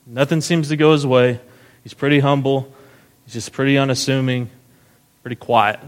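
Pastor, male, mid-pitched voice; casual storyteller in a long-echo sanctuary. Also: steady tone, normal speed. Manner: casual storytelling, keeps checking in with "right?". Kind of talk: sermon. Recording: long hall reverb.

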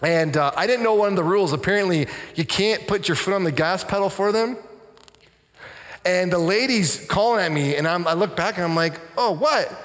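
A man from Canada, a pastor, preaching a sermon with animated storytelling that drops to soft, intense tones. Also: sits high, brisk. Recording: long church reverb.

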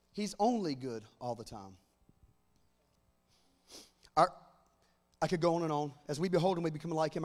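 A man preaching a sermon, moving between fervent shouted proclamation and quieter conversational teaching. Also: on the high side, long reverb tail.

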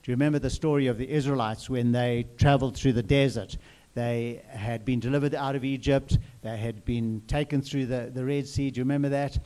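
Gelassener Prediger mit warmer Stimme. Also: male voice, mid-range voice, steady tone, brisk. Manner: earnest, repeats phrases, asks the listeners questions. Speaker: preacher. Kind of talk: sermon.

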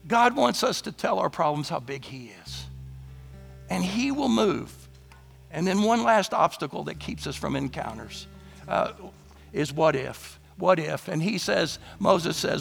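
A man preaching a sermon, his voice hoarse and gravelly, declaring bold lines with rising emphasis. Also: animated, moderate pace, soft background music. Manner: declaring boldly, rising to emphatic high passages. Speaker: pastor.

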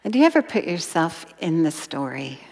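A woman teaching a Bible lesson in an expressive sermon style, sometimes dropping to a whisper for emphasis. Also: low-pitched, fairly quick. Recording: long hall reverb.

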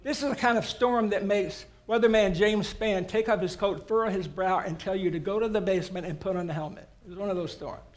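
A man's voice: sits high, a little fast, few pauses. A man preaching a sermon as a guest preacher, telling the story in a folksy, humorous way.

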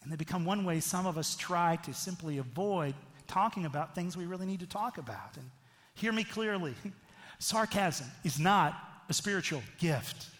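A man's voice: high voice, animated, normal speed, a bit bright, long reverb tail. A middle-aged man preaching a sermon as a pastor, in a conversational way that keeps checking in with the listeners. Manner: conversational, frequent "right?" asides.

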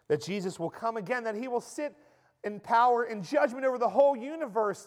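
A man's voice: extremely high pitch, a little fast. A man preaching a sermon with impassioned, emphatic delivery in a church. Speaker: pastor. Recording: echoey church hall.

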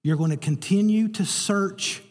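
Husky male preacher in a reverberant hall. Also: sits high, measured pace, a little mellow. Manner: storytelling, acting out the quoted voices. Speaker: pastor. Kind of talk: sermon.

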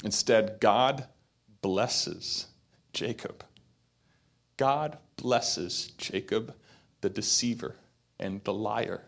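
Guy preaching, tells the story like he's acting it out, gets loud and punchy. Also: fairly low pitch, very slow, vocal fry, long pauses. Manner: storytelling with acted quotes, building to emphatic peaks. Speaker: pastor. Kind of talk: sermon.

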